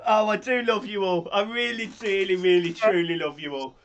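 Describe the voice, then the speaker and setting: A man with a high voice, co-hosting a live football stream. He talks bluntly and swears freely in casual banter. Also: fairly even intonation, moderate pace, highs cut off, heavy background noise. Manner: blunt and swearing, scolds chat then gushes. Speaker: co-host of a football watch-along stream.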